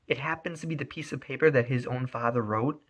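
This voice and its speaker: Give me a man telling a dramatic story with a bright, emphatic voice. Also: medium pitch, fairly quick. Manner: animated, emphatic, many repeated words. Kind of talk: spoken storytelling.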